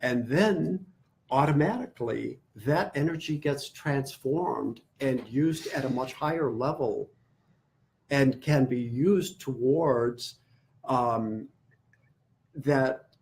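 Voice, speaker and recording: A man teaching meditation at a very slow, measured pace. He often repeats a word while he searches for what comes next. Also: medium pitch, gravelly, a little mellow. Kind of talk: class lecture.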